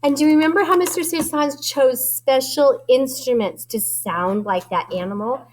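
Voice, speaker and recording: A woman music teacher leading young children, sing-song and animated, singing lines for them to echo in her classroom. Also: high-pitched, normal speed.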